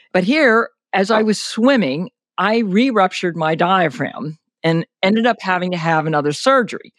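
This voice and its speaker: A high-pitched older man speaks as an interview guest, a senior athlete describing an injury. He's candid and detailed, sprinkling in "you know" and "like," and the studio recording is clean with no echo.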